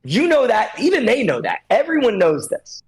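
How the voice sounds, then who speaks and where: A man's voice: very high voice, big pitch swings, moderate pace, slightly rough, rough recording. A man speaking as the guest expert on a podcast chat, coaching stylists in an emphatic way and acting out little scenes. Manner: acts out little scenes in different voices.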